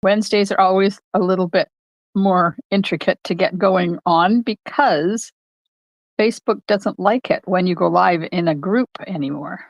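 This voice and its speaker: A woman's voice: fairly low pitch, normal speed, no room sound. An older woman hosting a live crafting demonstration from her home craft room, chatting casually and greeting viewers by name. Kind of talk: live-streamed crafting demo.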